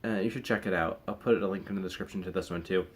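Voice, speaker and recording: A man's voice: deep voice, fast talker, heavy background noise. A young man chatting casually to camera in a rambling, hesitant way, full of fillers and restarts. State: recovering from wisdom teeth removal. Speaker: vlogger.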